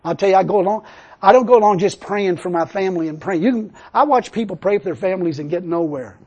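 A man's voice: high voice, fast, darkish tone. An older man preaching a sermon, telling a personal story and then building into emphatic preaching. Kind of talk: sermon testimony.

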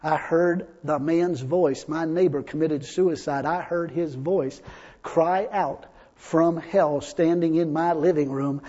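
A man preaching a sermon, telling stories in a chatty way and rising now and then into loud exclamations. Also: on the high side, steady tone, slow pace, slightly rough. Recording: dull lo-fi audio with long hall reverb.

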